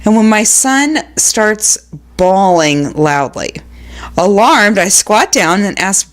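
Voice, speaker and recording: A woman's voice: medium pitch, takes it slowly. A young adult woman co-hosting a podcast, reading listener stories aloud in a casual, amused way and laughing often. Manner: laughs often, animated, acts out children's voices. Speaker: podcast co-host.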